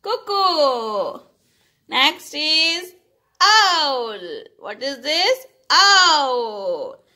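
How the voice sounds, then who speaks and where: Lady teacher, high bright voice, super slow singsong for little kids. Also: big pitch swings. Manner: slow, sing-song, repeating words for children to echo. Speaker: preschool teacher. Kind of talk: recorded lesson for young children.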